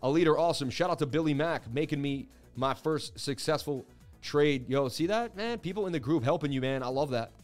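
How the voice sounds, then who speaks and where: A man around forty hosts a casual crypto livestream, chatty and hyped as he reacts to viewer messages. His voice sits a little high for a man. Soft music plays faintly behind him. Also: a little fast.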